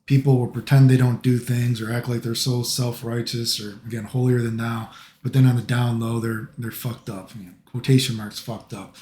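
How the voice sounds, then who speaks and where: A man's voice: medium pitch, little pitch movement, normal speed, darkish tone, echoey room. A middle-aged man from the United States, talking in a casual, rambling monologue full of filler phrases. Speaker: vlogger.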